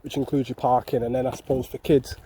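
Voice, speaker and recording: A man's voice: mid-range voice, little pitch movement, quick pace, crowd noise, poor audio. A man with a Mancunian accent chatting to his viewers in a casual, jokey walking vlog outdoors, swearing freely. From North West England. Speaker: vlogger. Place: outdoor parkland.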